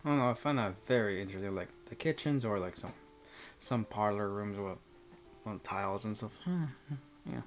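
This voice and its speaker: A man's voice: lowish voice, moderate pace, soft background music. Rambling man reading a visual novel. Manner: rambling, full of fillers. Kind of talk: reading a visual novel aloud with casual commentary.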